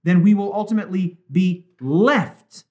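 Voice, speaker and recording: A male pastor in an emphatic Bible study discussion who slows down to stress quoted words. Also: high-pitched, a little mellow.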